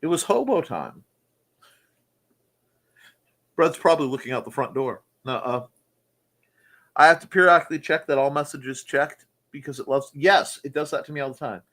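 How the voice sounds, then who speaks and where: A man's voice: on the high side, brisk, a bit bright. A man hosting a casual livestream chat from home, playful and chatty as he reads comments. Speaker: host. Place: home room.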